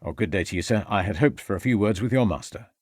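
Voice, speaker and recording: A man's voice: fairly low pitch, fast, darkish tone, no room sound, lightly acted. Man voicing a firm, assertive police inspector. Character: determined male police inspector, firm and patient.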